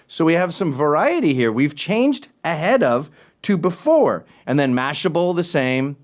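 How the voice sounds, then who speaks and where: A man hosting a talk show, ranting in an animated, sarcastic way, jumping between loud remarks and muttered asides. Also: on the high side, normal speed. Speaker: show host. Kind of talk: opinionated talk-show rant.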